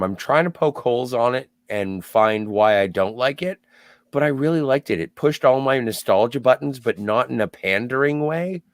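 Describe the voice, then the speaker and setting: A man's voice: mid-range voice, no echo, studio quality. A man co-hosting a podcast, casually giving his opinion of a film and chiming in with corrections. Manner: relaxed, chimes in with corrections. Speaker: podcast co-host. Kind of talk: casual chat, film review.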